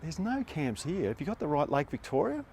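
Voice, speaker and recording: A man voicing a quiet, matter-of-fact outback weather station worker with an Australian accent. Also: on the high side, big pitch swings, a little fast, slight background noise. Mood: laconic.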